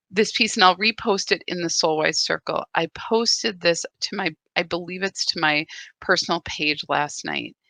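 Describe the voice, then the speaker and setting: She has a lowish, sharp voice, recorded with no room sound. During a live stream of a spiritual practice, she speaks candidly and emotionally into her phone, often breaking off and starting her thoughts over as she searches for what to say.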